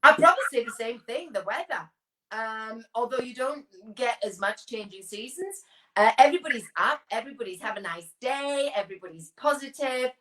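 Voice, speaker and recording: An older woman answering a quick run of casual questions as an interview guest, chatty and self-assured. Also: a little high, lively intonation, a bit bright, low-quality recording.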